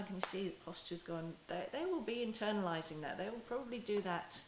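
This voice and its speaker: A woman teaching parents in a gentle, unhurried way, often restarting her phrases and softly acting out apologies to a child. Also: mid-range voice. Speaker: parenting educator. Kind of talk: talking-head teaching video. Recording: echoey room with faint hiss.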